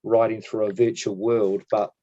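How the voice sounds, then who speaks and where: A man's voice: lowish voice, level tone, normal speed, mellow, lo-fi sound. A man co-hosting a podcast, chatting in a reflective way, swearing casually and trailing off mid-thought. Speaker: podcast co-host.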